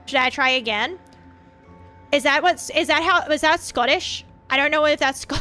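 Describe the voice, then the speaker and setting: A high, bright-voiced woman reads spooky stories on her stream. She giggles and swears between lines and chats with her viewers. Faint music plays underneath. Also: normal speed. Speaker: vtuber streamer. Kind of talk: casual reading of horror stories on a stream.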